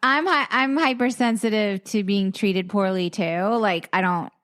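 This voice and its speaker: A woman's voice: mid-range voice, unhurried, fairly bright tone. Candid woman co-host, casual chat. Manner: candid, swears, laughs often. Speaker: podcast co-host.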